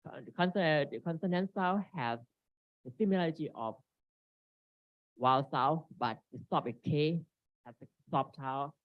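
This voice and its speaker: Halting man presenting a seminar. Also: on the high side, no room sound. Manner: halting, reads from slides with frequent restarts. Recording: dry, dull lo-fi recording.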